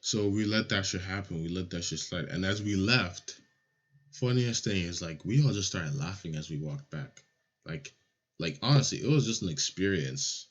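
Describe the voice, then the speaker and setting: A young man from Nigeria telling a childhood story in a casual, animated, profane way. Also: deep voice, moderate pace, breathy edge. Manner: animated, swears a lot, acts out voices. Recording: lo-fi audio.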